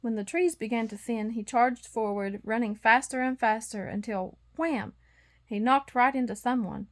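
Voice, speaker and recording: Higher-voiced woman reading a bedtime story. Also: moderate pace. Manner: expressive, acts out sound effects. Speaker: storybook reader.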